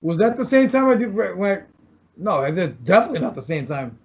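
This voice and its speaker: A man's voice: high voice, big pitch swings, brisk, breathy edge. A man, a former pro wrestler, telling wild stories as a podcast guest, swearing freely and laughing often. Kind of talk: casual chat, telling road stories. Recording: muffled lo-fi recording.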